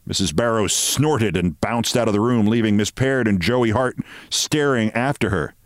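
A man hosting a show, reading a story aloud in a measured, expressive way. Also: fairly low pitch, dry recording, studio quality. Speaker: host.

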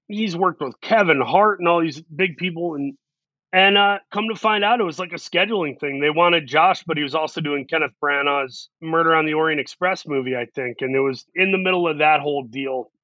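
A man spins animated anecdotes as an interview guest and acts out the lines of the people in them. His voice is bright and sits a little high. The sound is close, dry and a touch dull. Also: no echo. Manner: animated anecdotes with quoted asides. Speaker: actor guest. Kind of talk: storytelling interview.

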